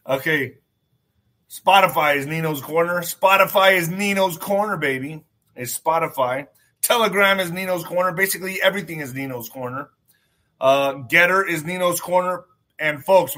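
A man's voice: on the high side, moderate pace, sharp tone. A man hosting his own livestream in casual talk, emphatic, repeating phrases and swearing freely. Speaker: show host.

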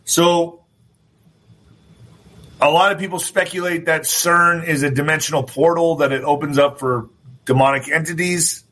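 A fairly high-pitched man with a bright, forceful edge and a husky grain. He hosts his own show and rants freely, swears often and breaks into sudden shouts. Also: steady tone, moderate pace, pauses often, rough recording. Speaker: host. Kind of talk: opinionated talk show monologue.

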